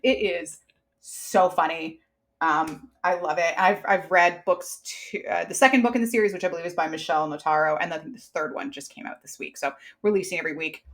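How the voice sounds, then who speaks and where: Lower-voiced chatty woman podcaster. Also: brisk, a bit bright. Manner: enthusiastic, chatty, slips in quoted asides. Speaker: podcast co-host. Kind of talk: casual chat.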